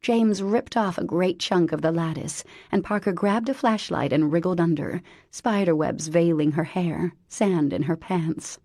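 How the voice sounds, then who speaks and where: A woman reading an emotional audiobook in measured narration. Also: on the low side, vocal fry, darkish tone, dry recording, clean studio sound.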